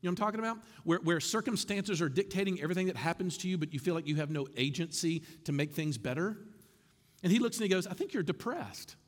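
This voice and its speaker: A man's voice: fairly high pitch, fast, big-room sound. A male pastor preaching a sermon in a conversational way, turning often to speak straight to his listeners.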